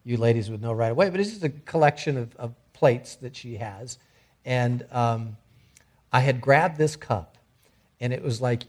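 A man's voice: mid-range voice, normal speed, darkish tone. A middle-aged man preaching a sermon in a conversational way, often restarting his sentences. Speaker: pastor.

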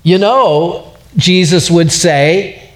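Slow, higher-voiced preacher. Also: male voice. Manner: conversational, asks the congregation questions; repeats words while building a point. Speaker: pastor. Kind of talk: expository sermon.

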